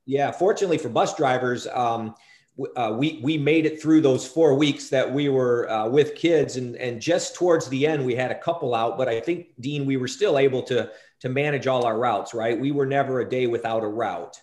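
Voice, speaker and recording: A school superintendent, a man, reports to a board meeting in a roomy, echoing space. He talks in a halting way, restarting sentences and repeating words as he works through them. His pitch sits in an ordinary middle range. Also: a little mellow.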